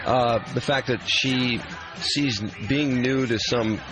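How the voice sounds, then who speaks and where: A man's voice: medium pitch, fairly even intonation, takes it slowly, over music. A man co-hosting a radio show, mocking and crude in a brash banter style. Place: radio studio.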